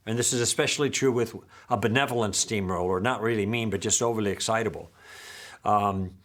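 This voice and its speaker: A man's voice: medium pitch, fairly bright tone. A man teaching a lesson in a friendly, patient way, sometimes acting out sample lines.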